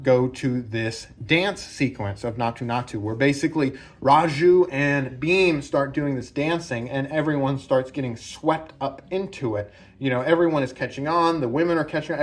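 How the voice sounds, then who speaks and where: Man, film commentary host, enthusiastic, rambling, repeats phrases, mid-range voice. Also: mid-range voice. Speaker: video essay host. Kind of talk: casual film analysis commentary.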